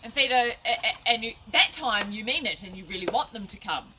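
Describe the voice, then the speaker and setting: A woman's voice: on the high side, expressive, fairly quick, bright, forceful tone, slight background noise. A woman giving a casual, chatty dog-training lesson on a live video, with frequent restarts and laughter at her own slips. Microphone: phone or camera at a short distance.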